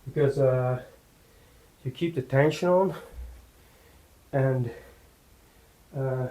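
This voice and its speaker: A man giving a casual workout talk in his home gym, halting with many fillers and out of breath between sets. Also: mid-range voice, dark tone, low-quality recording. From Netherlands. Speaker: fitness vlogger.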